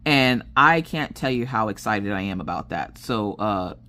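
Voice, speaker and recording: A woman's voice: rumbling low, expressive, unhurried, pushed and bright. A woman chatting casually while she works on a diamond painting, telling stories with lots of restarts. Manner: chatty storyteller, restarts and laughs often. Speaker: crafting vlogger.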